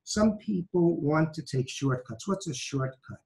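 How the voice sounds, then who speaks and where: A man's voice: a little high, animated, unhurried, vocal fry, darkish tone, rough recording. A man from New York with a light Brooklyn accent, a law professor giving emphatic advice and repeating his key phrases. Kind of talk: conversational advice talk.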